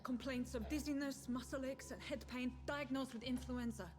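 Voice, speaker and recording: An actress playing a composed nurse who reports calmly and clinically, heard as game audio with music. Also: female voice, high voice, moderate pace, close to an everyday voice. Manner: calm, clinical. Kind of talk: video game voice acting.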